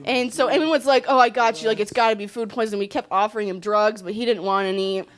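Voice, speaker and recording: A teenage girl with a high voice tells a funny travel story to a gathered audience. She is animated, laughs often and acts out what everyone said. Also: fast. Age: teens. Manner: animated, laughing, acting out quotes. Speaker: student sharing a trip story.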